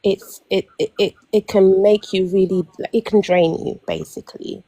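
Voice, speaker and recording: A woman's voice: medium pitch, normal speed, dry recording. A young woman telling a long personal story in casual chat, acting out quotes and often restarting. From London. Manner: animated storytelling, acts out quotes, many restarts. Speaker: panel caller.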